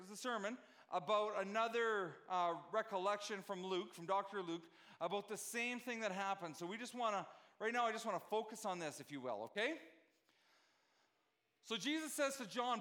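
High-voiced man preaching a casual sermon. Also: pushed and bright. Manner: conversational, checks in with listeners. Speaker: pastor.

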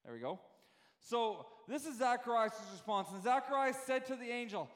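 A man preaching a sermon as pastor, animated and full of rhetorical questions, often repeating words as he goes. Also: very high-pitched, moderate pace. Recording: echoey hall reverb.

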